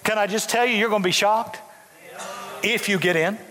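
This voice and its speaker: An older man in his sixties preaches in a church, his voice high and bright with big swings in pitch. He talks in bursts, restarting his sentences as he builds. A long reverb from the hall trails each phrase. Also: normal speed. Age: 60s. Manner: animated preaching with repeated restarts. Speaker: pastor. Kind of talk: sermon. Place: church sanctuary.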